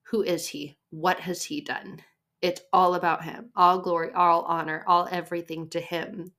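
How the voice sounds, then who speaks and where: A young woman hosting a faith podcast, chatty and animated, a little short of breath from her pregnancy. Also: lowish voice, moderate pace. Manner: chatty, animated, acts out quoted voices. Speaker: podcast host.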